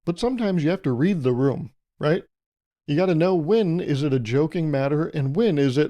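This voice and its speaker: A man's voice: on the high side, animated, moderate pace, dark tone. A man hosting a solo podcast, rambling through jokey analogies and laughing at his own jokes. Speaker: podcast host. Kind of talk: solo comedic podcast monologue.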